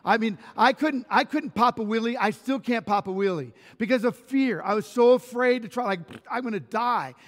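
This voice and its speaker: A man preaching a conversational sermon in a church, telling personal stories with lively restarts. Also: extremely high pitch, moderate pace, few pauses. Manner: animated personal storytelling with restarts. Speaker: pastor. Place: church sanctuary. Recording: long reverb of a church hall.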